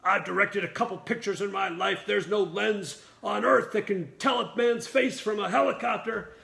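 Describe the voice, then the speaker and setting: A man doing a gruff, barking aging movie star. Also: sits high, moderate pace, echoey room, voice pushed up, exaggerated voice. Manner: barking, shouting orders.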